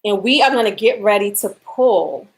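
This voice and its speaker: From her home, a woman with a mid-range voice hosts a casual giveaway stream at normal speed. She chats and laughs while reading out comments from viewers.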